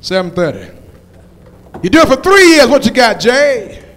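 A male pastor preaching a sermon with call-and-response, building to shouted climaxes. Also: extremely high pitch, sing-song, moderate pace, long reverb tail.

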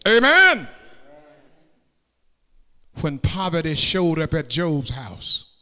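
A man preaching a sermon in a church, swinging from plain talk into shouted, sung cadences and calling out to the congregation for answers. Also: a little high, huge pitch swings, takes it slowly. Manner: calls out to the congregation for response. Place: church sanctuary. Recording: long hall reverb.

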